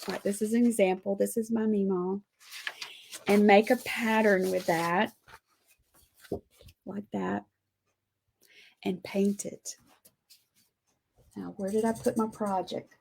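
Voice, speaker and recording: A woman's voice: medium pitch, creaky, warm tone, slight background noise. A middle-aged woman casually demonstrating lettering and art projects to her group, chatty and friendly as she shows items to the camera.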